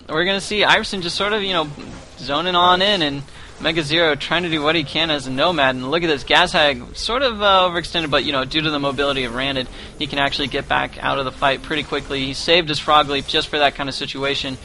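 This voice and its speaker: A man casting a competitive video game match live. His voice sits higher than most and sounds very bright and forceful. He rambles along with casual fillers as he calls the action. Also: quick pace, slight background noise. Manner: rambling with many "you know" fillers. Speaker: esports play-by-play commentator.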